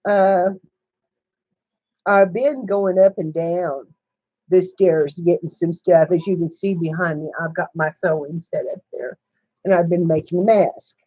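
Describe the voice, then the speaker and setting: A woman's voice: fairly low pitch, fairly even intonation, unhurried, warm tone, no room sound. Chatty older woman, muffled lo-fi sound. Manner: chatty storyteller who greets viewers mid-story and laughs a lot. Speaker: channel host. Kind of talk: casual livestream chat. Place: home room with sewing setup.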